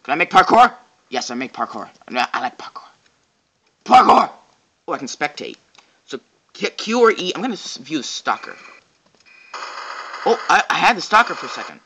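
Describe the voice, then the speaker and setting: A man giving goofy, excitable, rambling commentary while playing a game and joking to himself. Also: a little high, brisk, long pauses, slight background noise. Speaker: game reviewer. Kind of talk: casual gameplay commentary.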